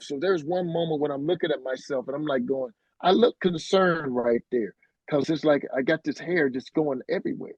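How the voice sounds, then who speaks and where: A middle-aged man, a musician being interviewed, telling a story in a casual, animated way and acting out what others said. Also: on the high side, fairly quick, no echo, lo-fi sound. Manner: animated, acts out quoted voices.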